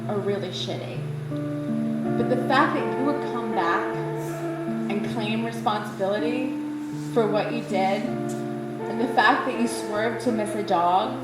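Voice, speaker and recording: A woman's voice: mid-range voice, a little slow. A woman telling a true story to a live audience in a casual, laughing, profane and self-mocking way. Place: former airplane hangar at a live show. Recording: echoey hangar, far from the mic, music behind.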